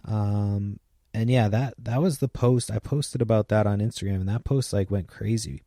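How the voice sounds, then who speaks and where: A man's voice: on the low side, moderate pace, dark tone, no echo, clean studio sound. A man in his thirties hosting a podcast, chatting loosely with lots of fillers and casual swearing. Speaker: podcast host. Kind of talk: rambling casual monologue.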